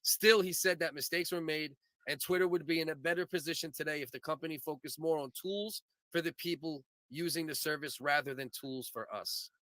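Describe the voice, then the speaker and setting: Podcast host guy, bright sharp voice, dry sound, rambles and swears. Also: on the high side, a little fast, dry recording. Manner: rambling, profane, opinionated. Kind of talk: casual comedy podcast chat.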